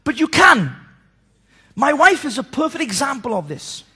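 A man preaching a sermon, animated and telling stories as he mimics people. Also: very high-pitched, normal speed. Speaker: pastor.

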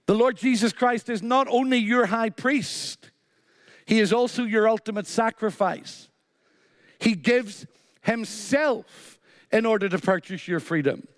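Speaking a little slowly, a man with a high-sitting voice delivers a sermon full of emphatic repetition, with a short story worked in. It's studio quality, drenched in long hall reverb.

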